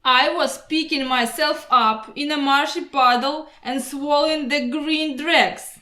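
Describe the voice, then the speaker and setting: A woman voicing a boastful, proud male mosquito who pitches himself like a salesman, grandiose and persuasive. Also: steady tone, a little slow, pushed and bright. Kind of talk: storybook voice acting. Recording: roomy echo.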